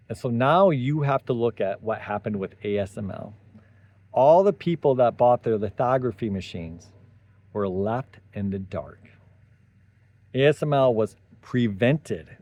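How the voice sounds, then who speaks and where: A man's voice: fairly low pitch, darkish tone, dry recording. A man hosting a solo tech commentary, talking animatedly with sarcastic asides and tangents. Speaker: tech commentary channel host.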